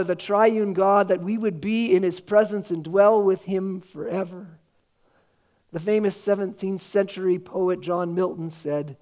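A man's voice: high voice, darkish tone. A man preaching a sermon, earnest and quoting scripture with rising emphasis. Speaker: pastor.

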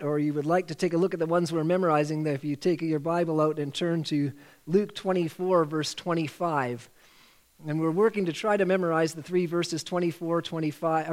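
A man leading a church Bible study, patiently walking the group through memorizing a verse by repeating phrases aloud. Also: a little high. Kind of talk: church teaching on scripture memory.

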